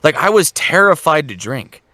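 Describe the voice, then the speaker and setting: A man's voice: fairly high pitch, big pitch swings, moderate pace, sharp tone. A young man telling a long crude story in a casual podcast chat, swearing often and acting out quotes with laughs.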